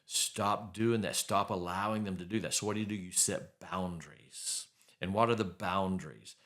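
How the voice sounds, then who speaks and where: A man's voice: sits low, steady tone, moderate pace, a bit bright. Blunt, emphatic man host. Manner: blunt, emphatic, repeats key phrases. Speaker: podcast host. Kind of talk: faith-based advice podcast monologue.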